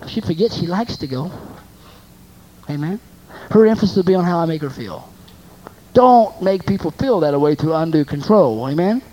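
Mellow-voiced preacher repeating for emphasis. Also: medium pitch, animated, moderate pace, pauses often, muffled recording. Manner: rhetorical, asks the congregation questions and repeats phrases for emphasis. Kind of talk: sermon.

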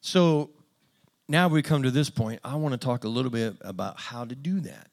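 A man's voice: mid-range voice, lively intonation, moderate pace. A man preaching a conversational sermon in a plain-spoken, self-deprecating way with dry humor.

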